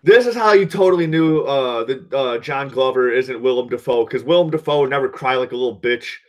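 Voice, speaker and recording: A podcast host chatting casually about a movie, rambling excitedly and swearing a lot. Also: male voice, mid-range voice, brisk. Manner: excited, profane, rambling recap.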